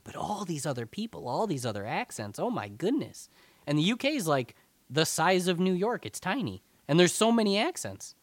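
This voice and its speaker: A man's voice: fairly high pitch, big pitch swings, moderate pace, no echo. A man in his thirties with a Pacific Northwest American accent, chatting casually as a podcast co-host and rambling with many fillers and restarts. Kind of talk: casual chat.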